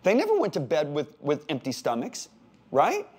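A man in his sixties from the United States, teaching a sermon with animated emphasis, repeated words and jokey asides. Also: on the high side, moderate pace, breathy edge. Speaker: pastor. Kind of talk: sermon-style Bible teaching.

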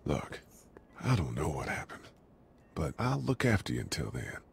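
An actor playing a calm adult man who watches over a child, speaking steadily and reassuringly. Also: a bass voice, moderate pace, vocal fry, slightly rough, heavily acted.

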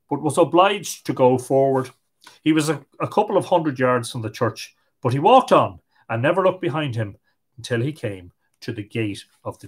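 An Irish man hosting a live stream, reading old fairy tales aloud in a lilting, expressive way. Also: mid-range voice. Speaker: host and storyteller.

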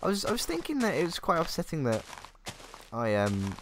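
A man's voice: a little high, wildly swooping pitch, a little fast, noisy background. A young man chatting casually as he talks through a game, thinking aloud and poking fun at himself. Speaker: gaming YouTuber. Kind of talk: casual gameplay commentary. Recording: faint keyboard clicks.

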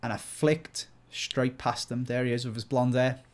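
A man with a Scouse accent from Liverpool, chatting casually as a guest player, thinking out loud and laughing easily. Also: medium pitch, steady tone. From Liverpool, England. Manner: chatty, self-questioning, quick to laugh. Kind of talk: casual gaming chat.

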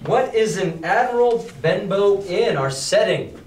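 A man's voice: sits high, unhurried. A man teaching a class who reads a novel aloud and explains it in casual, chatty words. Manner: chatty, paraphrases the text in casual slang. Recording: roomy classroom, mic far off.

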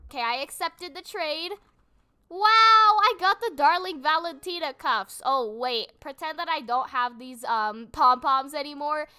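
A woman's voice: sits high, unhurried, pushed and bright. A young woman casually commenting on her gameplay, chatty and giggly, thinking aloud as she goes. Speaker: gaming channel host.

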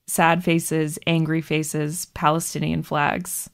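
A woman calmly narrating a scripted piece of narrative journalism. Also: low voice, slow pace, creaky.

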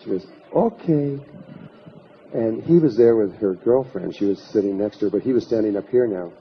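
A man's voice: fairly low pitch, fast talker, slight background noise. A man lecturing to an audience, telling an anecdote and retelling what people said in his own voice. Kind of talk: storytelling lecture. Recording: slightly muffled lecture recording.

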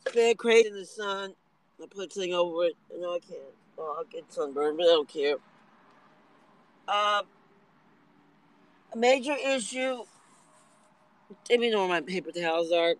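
A man's voice: high voice, animated, normal speed, long pauses, fairly bright tone, low-quality recording. A man rambling through a livestream monologue from a parked car in the hot sun, complaining and aggrieved, at times tearful.

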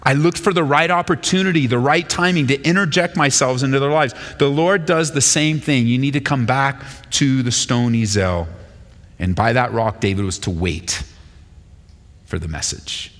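A male pastor giving a sermon and reading scripture aloud, with an animated delivery that jumps higher in pitch when he quotes speakers. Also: moderate pace. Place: church sanctuary. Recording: long hall reverb.

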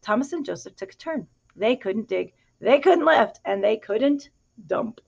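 A woman reading a picture book aloud to a child in an animated, expressive way, pausing to ask questions. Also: a little high, creaky. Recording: dull lo-fi recording.

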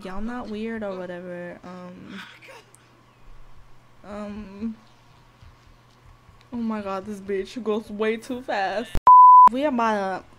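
A woman giving casual gameplay commentary, cursing and shouting at the game and speaking to viewers in slangy talk. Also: mid-range voice, a little hiss or hum. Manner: profane, loud outbursts at the game; slangy, talks to viewers directly. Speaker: gameplay video host.

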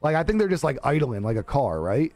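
A man live streaming, telling a story in casual chat, animated and laughing often, acting out the voices he quotes. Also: mid-range voice, a little fast, no room sound.

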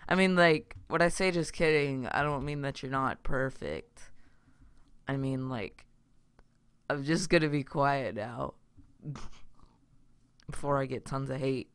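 A man's voice: medium pitch, slow pace, pauses often, fairly bright tone, clear, resonant tone, dry recording. A young man casually narrating his own game play, rambling and chatty with lots of fillers and self-interruptions. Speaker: gaming YouTuber. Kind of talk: casual Minecraft let's play commentary.

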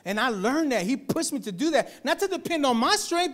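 A male pastor preaching at a church service, swinging from loud exhortation to softer speech and calling out to the congregation for a response. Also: very high voice, expressive, fairly quick, few pauses. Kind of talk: sermon.

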